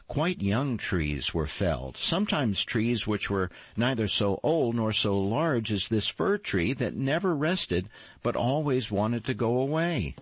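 A man reading a fairy tale aloud in a slow, expressive storytelling manner. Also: on the low side, slightly rough, no room sound. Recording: dull lo-fi, dry.

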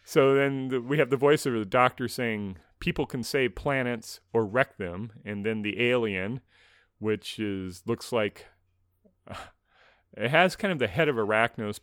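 A man's voice: mid-range voice, a little slow, fairly bright tone, no room sound. Dry-voiced man describing clips on a podcast. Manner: dry, wry, often laughs. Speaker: podcast co-host. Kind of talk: casual chat, describing clips.

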